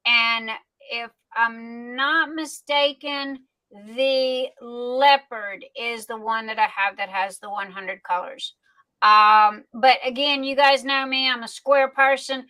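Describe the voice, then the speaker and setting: Casual woman livestream host; slightly high, bright voice; folksy filler-heavy delivery. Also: slow pace, clean tone, rough recording. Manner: chatty, folksy, many fillers and restarts. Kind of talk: casual live-stream product chat.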